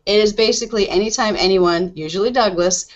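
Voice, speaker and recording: A woman's voice: medium pitch, a little fast, muffled recording. A woman co-hosting a casual live web show from home, bubbly and laughing often, over a video call. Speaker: co-host. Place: home with window open, plane noise.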